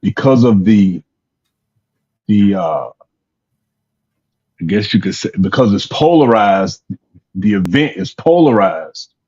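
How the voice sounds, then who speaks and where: A man in a casual discussion, laying out his point in a measured way and repeating words as he builds it. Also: on the low side, expressive, a little mellow, slightly rough, lo-fi sound.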